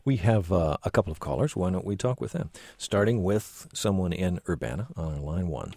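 A man's voice: deep voice, lively intonation, vocal fry, mellow, dry recording. A man hosting a radio call-in show, speaking thoughtfully with many restarts. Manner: thoughtful, halting, rephrases himself.

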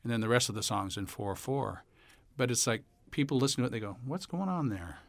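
A man's voice: medium pitch, quick pace, vocal fry, no echo. A man, a songwriter and musician, talking casually in an interview about how he wrote a song, now and then singing a line to show what he means. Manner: relaxed storyteller, breaks into song to illustrate. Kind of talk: casual interview talk with sung snippets.

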